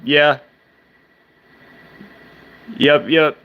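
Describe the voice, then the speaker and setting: Halting, rambling man chatting on stream. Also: on the high side, smooth, narrow, tinny audio. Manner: halting, many restarts and fillers, speech slurs when fast. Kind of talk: casual live-stream chat.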